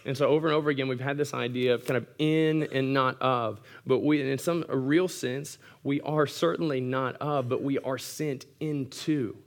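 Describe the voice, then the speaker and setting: A man's voice: mid-range voice, steady tone, moderate pace, few pauses. A male pastor delivering a sermon earnestly, with occasional wry humorous asides.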